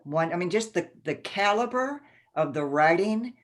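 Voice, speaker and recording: A woman with a low voice presents book selections over a video call. She gushes with praise between the names she introduces. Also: expressive, normal speed. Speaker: event presenter.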